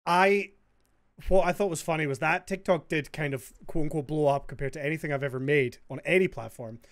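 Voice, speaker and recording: A man's voice: a little high, a little fast. Chatty man hosting a podcast. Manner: chatty, laughs often, retells stories animatedly. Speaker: podcast host. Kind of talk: casual chat.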